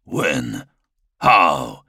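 A man voicing a brooding, half-mad male warlord prince with a slow, low, menacing delivery. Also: sing-song, creaky, fairly bright tone, slightly rough, dry recording, studio quality, exaggerated voice. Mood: brooding menace.

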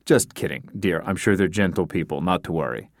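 A man's voice: sits low, a little fast, dry recording. A man reading the part of a grumpy, sardonic middle-aged husband in a dry, blunt way.

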